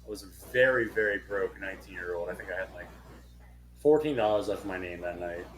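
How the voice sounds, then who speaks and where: Young man telling a lively story. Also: deep voice, quick pace, a little hiss or hum. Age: young adult. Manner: animated storyteller, swears freely. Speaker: podcast co-host. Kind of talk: casual chat.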